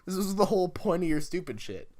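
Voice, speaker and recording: A man with a somewhat high voice chatting on a podcast. He is sarcastic and profane, and now and then slips into goofy voices to act out scenes. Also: big pitch swings, quick pace, a little mellow. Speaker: podcast co-host. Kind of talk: casual chat.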